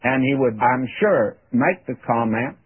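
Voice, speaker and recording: A man teaches scripture in a warm, folksy, earnest way, often turning to the listener as "my friend." His voice is husky. The sound is thin and tinny, like an old radio broadcast. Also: mid-range voice, animated, measured pace.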